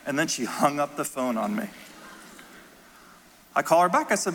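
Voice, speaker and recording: Bright-voiced pastor preaching in a hall. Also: male voice, high-pitched, a little fast, pauses often. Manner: animated storyteller, drops soft and quiet for tender moments. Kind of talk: sermon with storytelling. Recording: long hall reverb.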